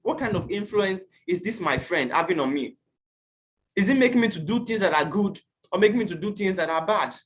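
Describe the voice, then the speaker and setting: A man from Nigeria teaching an online class, earnest and questioning, at times acting out shouted quotes. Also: high-pitched, expressive, brisk. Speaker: youth teacher.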